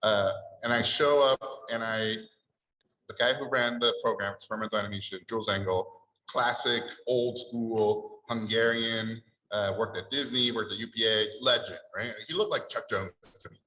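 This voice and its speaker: A middle-aged Mexican man with a lowish voice tells stories at normal speed during a Q&A on an art event panel, animatedly acting out the people in them. The audio is low quality, with an echoey room.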